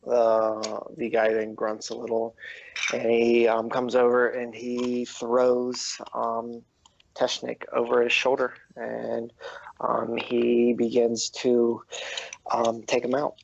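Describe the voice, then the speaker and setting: A man narrating a tabletop game as game master, halting often with ums, on a dull lo-fi recording. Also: medium pitch, completely flat delivery, gravelly, noisy background.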